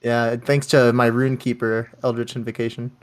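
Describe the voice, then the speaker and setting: A man's voice: medium pitch, level tone, moderate pace. A man playing a tabletop game, asking curious questions about the loot he finds. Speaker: player. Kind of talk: casual tabletop play.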